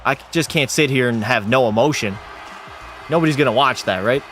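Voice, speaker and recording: A man livestreams a hockey video game, calling plays like an excitable commentator while swearing and bantering with his chat. His mid-range voice runs a little fast over faint background music.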